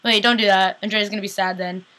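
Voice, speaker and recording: Chatty young woman with a bright voice. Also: mid-range voice, quick pace. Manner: chatty and excitable, heavy use of "like". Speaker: TV recap vlogger. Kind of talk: casual TV episode recap.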